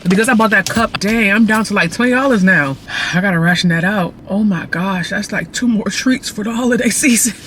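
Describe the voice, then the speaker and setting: Animated slangy woman vlogging. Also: medium pitch, fairly quick, slight background noise. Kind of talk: casual vlog chat.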